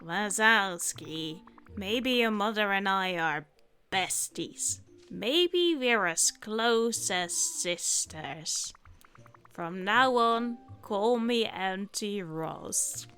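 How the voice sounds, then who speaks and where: A woman doing a slow droning monster clerk. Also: mid-range voice, clear, resonant tone, soft background music, voice pushed down, exaggerated voice. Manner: very slow, drawn-out, flat drone.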